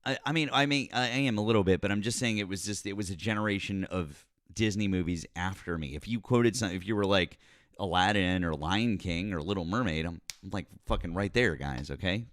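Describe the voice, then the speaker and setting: A man's voice: low-pitched, brisk, no echo, studio quality. A middle-aged man hosting a live-stream call-in show, rambling and often apologizing with a self-deprecating manner. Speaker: host.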